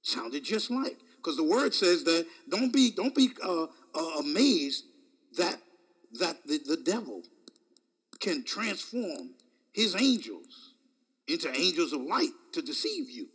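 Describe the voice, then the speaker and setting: A man preaching with a high, bright voice that leaps up and down across a wide range. His delivery is dramatic, moving from near-shouts to hushed asides, with frequent chuckles between phrases. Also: big pitch swings, takes it slowly. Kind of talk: sermon.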